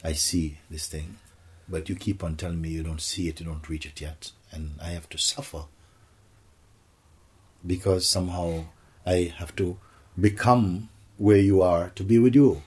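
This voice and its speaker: A man's voice: deep voice, fairly even intonation, measured pace, mellow, husky. A man giving a spiritual satsang talk, playful, slipping into acted voices and laughter. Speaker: spiritual teacher.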